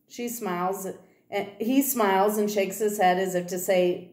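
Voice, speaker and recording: A woman reading a children's novel aloud, telling the story in first person with steady delivery. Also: mid-range voice, moderate pace. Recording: roomy echo.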